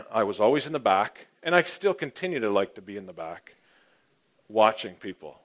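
A middle-aged man preaching a sermon, telling his own story and swinging from hushed asides to loud, emphatic points. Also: fairly low pitch, very animated, normal speed. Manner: personal testimony, dynamic, swings from hushed to loud. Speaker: pastor.

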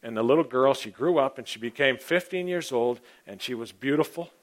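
Man, preacher, rambling sermon, mid-pitched voice, loud then hushed, clears his throat. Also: fairly quick. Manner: rambling, informal, often clears throat, swings between loud and quiet.

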